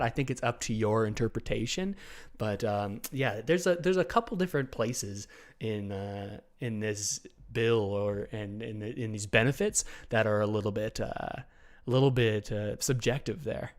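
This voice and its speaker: A man hosts a relaxed livestream Q&A from his computer and answers viewers as he goes. He thinks aloud, breaks off and restarts his sentences, and fills the gaps with "uh" and "um". His voice sits in a middle pitch. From Canada. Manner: chatty, thinking aloud with many fillers and restarts. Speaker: channel host answering viewer questions. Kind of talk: casual livestream Q&A.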